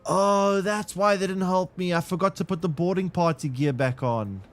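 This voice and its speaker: A man streaming a game live, reacting out loud and talking to his chat. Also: sits high, normal speed. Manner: animated, exclaims and talks to chat. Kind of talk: live gameplay commentary. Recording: faint game music behind.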